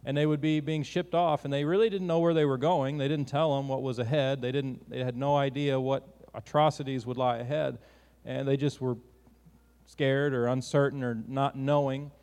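A male preacher at a mid pitch talks through his sermon earnestly and conversationally, often restarting his sentences. His voice carries a long, lingering hall reverb. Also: steady tone, moderate pace, a little mellow.

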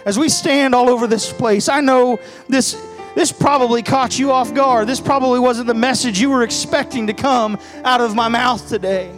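Male preacher with a high voice, altar-call sermon in a church, pleading and rising into prayer, soft music under him. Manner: pleading, builds to loud high passionate prayer. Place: church sanctuary.

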